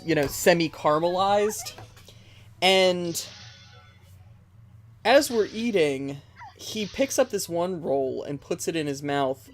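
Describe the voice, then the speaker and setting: A streamer chats casually with the live audience, telling a long, rambling story full of fillers and little laughs. The voice sits at a middle pitch, and faint game music plays underneath. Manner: rambling and giggly, with many fillers.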